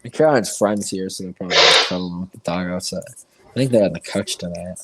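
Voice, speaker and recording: A man with a low voice talks fast over a noisy background. He's co-hosting a casual podcast, sharing laid-back, profane anecdotes packed with fillers.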